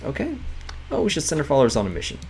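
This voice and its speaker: A man's voice: medium pitch, wildly swooping pitch, rapid-fire, gravelly, a little mellow, slight background noise. A man casually commenting while playing a management game, chatty and often laughing, reading game text aloud. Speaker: gaming writer streaming a game. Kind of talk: casual let's-play commentary.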